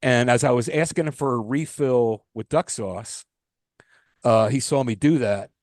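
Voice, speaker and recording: A man co-hosting a casual podcast, telling a rambling, animated story with restarts and swearing. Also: mid-range voice, a little slow, no room sound, clean studio sound. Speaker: podcast co-host. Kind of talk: casual chat.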